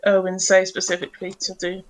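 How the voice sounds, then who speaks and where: A woman's voice: lowish voice, completely flat delivery, a little fast, poor audio. A woman playing a tabletop game in character, asking earnest, inquisitive questions. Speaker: player.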